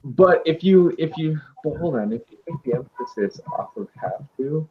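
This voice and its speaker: A man's voice: on the high side, expressive, normal speed. A man teaching English in a casual online class, explaining usage through spoken example sentences. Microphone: video call. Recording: dull video-call audio.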